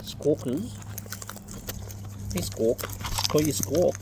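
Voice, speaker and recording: Low-voiced woman coaxing parrots playfully. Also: animated, slow pace, long pauses, background noise. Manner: playful, coaxing, sing-song baby talk to birds. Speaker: wildlife vlogger feeding wild birds. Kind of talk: casual talk to birds. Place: outdoors among feeding parrots.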